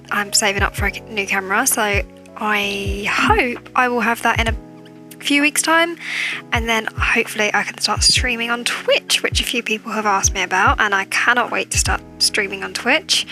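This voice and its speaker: A woman with a chatty manner, keeping her voice down as she records a casual voiceover on a cheap, tinny microphone at home late at night. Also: on the high side. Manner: talking quietly, chatty. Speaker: gaming video creator.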